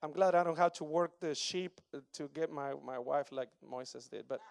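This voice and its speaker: A pastor in his thirties from Argentina preaches a sermon in broken English with an Argentine Spanish accent, animated and joking with the congregation. His voice is on the high side with vocal fry, at normal speed, in a dry recording.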